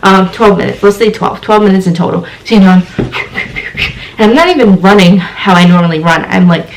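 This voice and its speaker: A young woman telling a story to camera, acting out her own lines with big jumps in pitch. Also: brisk, a little hiss or hum, rough recording. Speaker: storytime vlogger.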